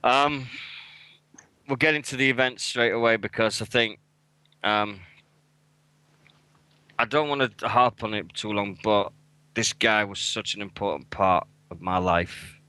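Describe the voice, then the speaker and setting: A man's voice: lowish voice, measured pace, pauses often, sharp tone, clear, resonant tone, no echo, low-quality recording. A man in his forties with a British accent, co-hosting a casual radio chat, talking bluntly and swearing often. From England. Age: 40s. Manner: swears a lot, blunt and emotional. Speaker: radio co-host.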